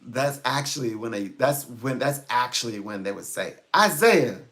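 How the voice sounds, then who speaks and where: A man's voice: mid-range voice, normal speed, a bit bright. A man working as a psychic reader, chatting casually on a livestream in a rambling way and chuckling often.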